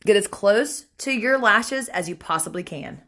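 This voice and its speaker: A woman's voice: medium pitch, lively intonation, normal speed, a bit bright. A young woman chatting casually through a makeup tutorial on a phone livestream, talking to viewers and family as she works. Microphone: phone camera.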